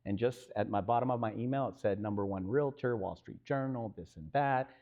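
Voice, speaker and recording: A man's voice: lowish voice, fairly quick, muffled recording. A man with a Texan accent telling a business story on a live stage panel, acting out the dialogue and asking the crowd questions. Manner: animated, acts out quoted dialogue, asks the crowd questions. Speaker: real estate company co-founder telling a story on a live panel.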